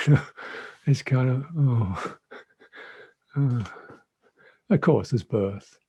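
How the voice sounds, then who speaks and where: Slow, husky-voiced monk giving a talk. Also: male voice, mid-range voice. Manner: reflective, gentle, repeats phrases. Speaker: Buddhist monk teacher. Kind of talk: dhamma talk. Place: monastery meditation hall.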